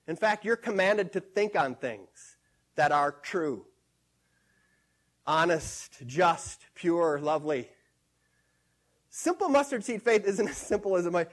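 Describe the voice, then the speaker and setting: High-voiced emphatic male preacher. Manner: emphatic, repeats scripture phrases, swings between hushed and loud. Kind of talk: sermon.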